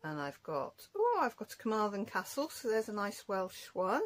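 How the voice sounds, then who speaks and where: A woman's voice: mid-range voice, sing-song, moderate pace, few pauses, poor audio. A woman vlogger chatting casually as she shows off her crafts and stamps, rambling and correcting herself. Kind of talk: casual show-and-tell chat.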